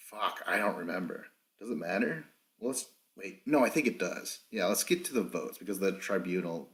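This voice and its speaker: A man hosting a casual solo recap podcast without a proper mic, rambling, swearing often and correcting himself as he goes. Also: fairly low pitch. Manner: rambling, profane, self-correcting. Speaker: podcast host.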